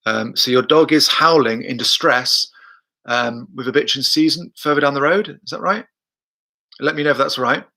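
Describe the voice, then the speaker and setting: A dog trainer on a live stream explains his methods and answers viewers' questions in a chatty way, repeating himself and voicing what the dog is thinking. His mid-range voice moves at a normal speed and sounds creaky, bright and forceful.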